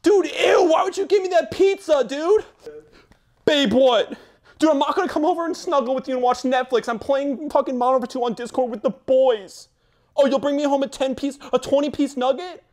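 A man's voice: extremely high pitch, fairly quick, a little mellow. A man doing a comedic impression of a young bro streamer who brags and says dude constantly. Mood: bragging.

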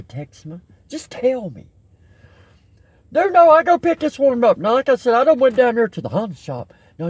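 A man's voice: very high voice, slightly rough, dry recording. A man with a Southern US accent delivering an exasperated, rambling comic rant. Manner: exasperated, rambling, swears and repeats itself. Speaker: comedian.

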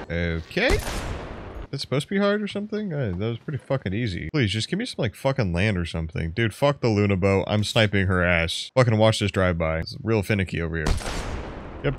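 A young man doing profane gameplay commentary, swinging from low mutters to loud yelps. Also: a little hiss or hum. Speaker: gaming YouTuber.

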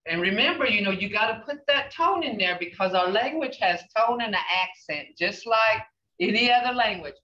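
An older woman teaching a language class, speaking slowly and repeating phrases with emphatic questions. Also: medium pitch, lively intonation, sharp tone. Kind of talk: language lesson. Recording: roomy, distant, dull sound.

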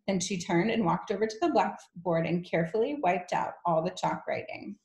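A woman teacher reading a children's novel aloud to her class in an expressive, gentle way. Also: fairly low pitch, moderate pace, hardly any pauses. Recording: echoey room.

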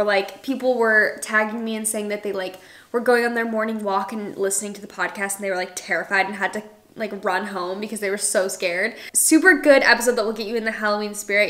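A woman's voice: medium pitch, pushed and bright. A young adult woman talking casually to camera in a chatty vlog, full of "like" fillers. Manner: chatty, filler-heavy with lots of "like". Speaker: lifestyle vlogger and podcast host.

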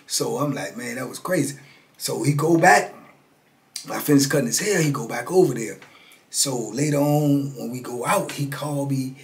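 A man's voice: medium pitch, normal speed, vocal fry. A man in his fifties telling a story as an interview guest in casual, slangy talk. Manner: animated, slangy, acts out dialogue.

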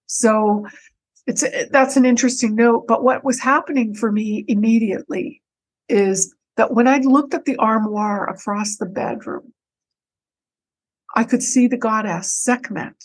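A woman guest on a podcast, telling a personal story in an animated way, with frequent restarts and repeated words. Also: on the high side, rough recording. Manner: animated, breaks into her own quoted speech.

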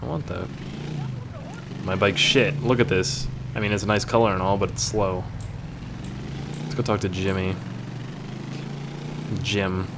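Crude joking gamer man, low voice. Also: little pitch movement, unhurried, long pauses, background noise. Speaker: gaming YouTuber. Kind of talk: casual gameplay commentary.

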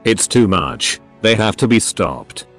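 A man's voice: lowish voice, very animated, slow, a bit bright, faint music behind, full character voice. A man doing a bitter, hateful gunman. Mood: whimpering. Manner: mumbling, whimpering then snarling.

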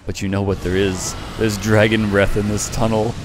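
A man's voice: lowish voice, little pitch movement, normal speed, hardly any pauses, noisy background. A young man commentating his own gameplay at a desk mic, teasing his opponents playfully and laughing gleefully. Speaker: gaming YouTuber.

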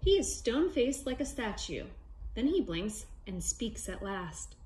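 Lively woman reading a picture book. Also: a little high, a little slow. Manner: animated sing-song rhyme reading. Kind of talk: casual storybook read-aloud.

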